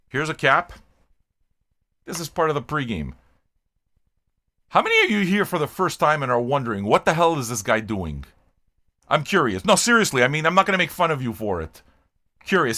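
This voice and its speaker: A man's voice: fairly high pitch, pushed and bright. Rambling, profane older man streaming. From Canada. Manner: rambling, profane, joking with chat. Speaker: music reaction streamer. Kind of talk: casual live-stream chat.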